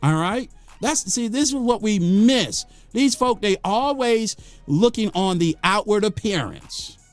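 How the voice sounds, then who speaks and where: An American man talks straight to the camera in a fired-up, preachy monologue, his high voice leaping all over the place. He hammers points home by repeating phrases. The sound is dry and close, with faint music underneath. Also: unhurried, no echo. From United States. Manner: gets worked up, then calms himself. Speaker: vlogger.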